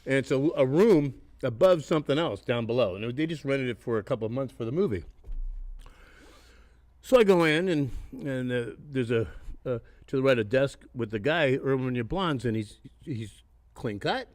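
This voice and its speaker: A man's voice: medium pitch, animated, moderate pace, darkish tone, no room sound. A man in his sixties, a podcast guest, telling casual stories, swearing freely and laughing as he goes. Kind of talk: casual storytelling. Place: haunted attraction venue.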